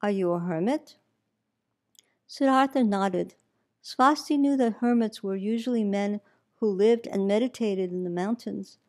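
A woman teacher reads a story aloud in a calm, measured way. Her voice is warm and mellow, sitting in a middle range. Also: mid-range voice. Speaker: meditation teacher.

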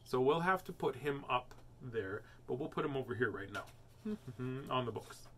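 A man's voice: medium pitch, animated, moderate pace, fairly bright tone, slight background noise. An older man hosting a live picture-book reading, playful and chatty, easily amused as he talks to his viewers. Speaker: host reading picture books aloud. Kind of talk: live read-aloud stream.

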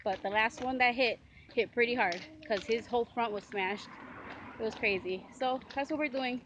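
Out at a park and then walking home, a woman narrates a relaxed family vlog, talking with her kids and laughing a lot. She speaks at a moderate pace in a voice on the high side, caught on a noisy outdoor camera with outdoor ambience around her.

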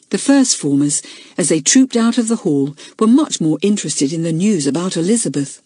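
A woman narrating a children's audiobook in a clear, measured storytelling manner. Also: fairly low pitch, animated, dark tone, dry recording.

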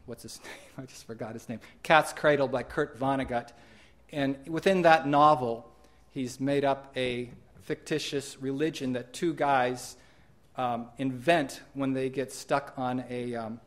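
A middle-aged man at medium pitch walks an audience through slides of his artwork. He speaks in an unhurried, halting way, often pausing on "um" and restarting his sentences. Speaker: holographic artist presenting his exhibition. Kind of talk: conference slide presentation.

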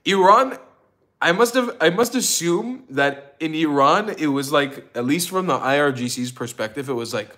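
A man hosting a casual livestream, telling stories in an excitable, profane way and laughing often. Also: fairly high pitch, moderate pace. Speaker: livestream host.

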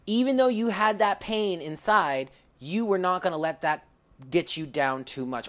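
A woman's voice: fairly low pitch, animated, moderate pace. A woman giving a tarot reading to viewers, emotional and close to tears, calling the listener honey and swearing freely. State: tearful. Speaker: tarot reader.

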